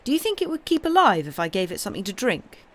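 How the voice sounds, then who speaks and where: A woman voicing a timid, tender-hearted small boy who speaks softly and earnestly. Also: medium pitch, very animated, fast talker.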